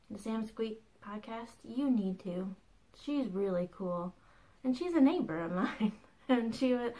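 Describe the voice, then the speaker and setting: Her voice is mid-range and a little mellow: a woman in her thirties hosting a crafting podcast at home, chatting casually and bubbly with frequent laughs between asides. The recording is rough.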